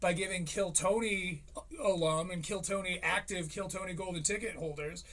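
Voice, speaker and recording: Thirties guy ranting on a stream, kinda high voice, swears a lot, rambles. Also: normal speed. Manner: rambling, profane, animated impressions. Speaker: streamer commentator. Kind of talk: casual comedic commentary.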